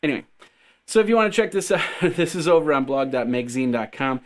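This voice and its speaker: A man's voice: medium pitch, expressive, a little fast. A man hosting a casual tech news show, rambling and joking as he stumbles over his words. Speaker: podcast host.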